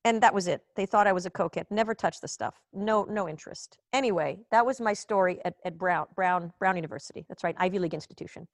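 An Israeli woman runs a live comedy show online from home via video call, chatting in a loose, profane, self-deprecating ramble. She speaks fast in a lowish voice with few pauses, and there's no room sound.

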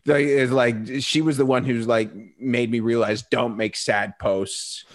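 Male comedian, middle pitch, crude, rambling, sarcastic podcast chatter. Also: fairly even intonation, measured pace, no room sound, studio quality. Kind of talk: casual comedy podcast banter.

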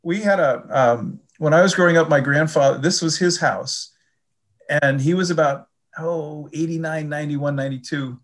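An older man from the Chicago area, talking about faith in a reflective, halting way and often repeating his words. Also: a little high. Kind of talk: casual faith conversation.

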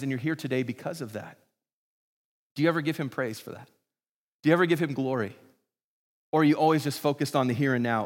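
A man's voice: medium pitch, fairly bright tone. A man preaching a sermon as pastor, earnest and building to fervent praise. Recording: long hall reverb.

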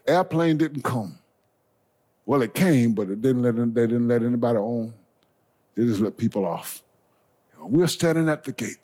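Impassioned preacher man, lively swooping voice. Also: medium pitch, moderate pace, pauses often. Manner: call-and-response preaching, swings from soft asides to shouted climaxes; folksy, addresses the congregation as y'all and baby. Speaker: bishop preaching. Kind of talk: sermon. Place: church sanctuary before a congregation.

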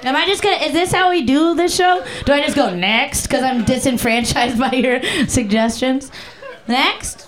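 Brash, high-voiced woman doing stand-up. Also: normal speed, a little hiss or hum. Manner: brash, profane, playful, bursts into song. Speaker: stand-up comedian. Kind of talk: crowd-work stand-up. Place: comedy club stage.

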